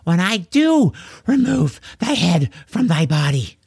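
A man voicing a cheeky twelve-year-old boy in a storybook reading, in a high, strained voice. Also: big pitch swings, slow pace, a bit bright, husky, no room sound, clean studio sound, exaggerated voice. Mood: scolding.

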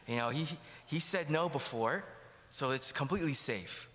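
A man's voice: medium pitch, normal speed, pushed and bright, a little hiss or hum. A man giving a sermon testimony in a church, telling his story and acting out the dialogue. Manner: storytelling, acts out quoted dialogue. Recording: long hall reverb.

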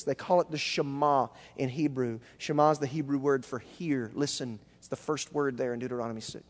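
A male pastor preaching a sermon emphatically, rising to near-shouts and then dropping low. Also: in a large hall.

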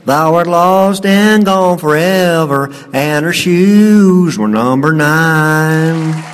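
Huckleberry Hound, a slow drawling cartoon dog. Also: male voice, a little high, clean tone, faint music behind. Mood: crooning. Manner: slow folksy drawl, singing off-key. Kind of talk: classic cartoon voice acting. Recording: long echoing reverb.

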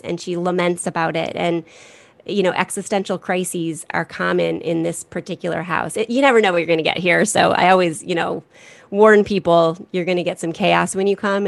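A middle-aged woman speaking as a guest in a casual podcast conversation, chatty and animated with quick asides. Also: fairly low pitch, gravelly, no room sound. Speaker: guest, gifted education resource creator.

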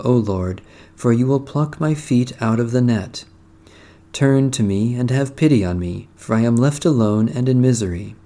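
A man reading psalms, prayers and a gospel passage in a measured, solemn, devotional cadence. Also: mid-range voice, dark tone. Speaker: prayer reader. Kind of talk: liturgical reading of psalms and scripture.

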